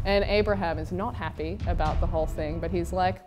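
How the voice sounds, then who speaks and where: A woman hosting a podcast, retelling old stories in an irreverent, profane, animated way. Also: fairly low pitch, moderate pace, hardly any pauses, music in the background. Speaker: podcast host.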